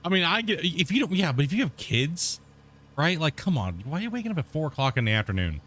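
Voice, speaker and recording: Man, gaming streamer, heated rant, swears a lot, bright tone, a bit high. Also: big pitch swings, fast. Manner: heated ranting, swears often. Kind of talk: casual chat with stream viewers.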